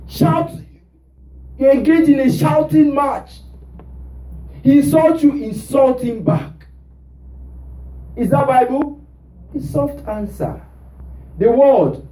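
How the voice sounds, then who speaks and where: High-voiced preacher calling to his congregation. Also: warm tone, far from the mic. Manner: call-and-response preaching, rhetorical "what?" prompts. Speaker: pastor. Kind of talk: sermon. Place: church. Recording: roomy church sound from off mic.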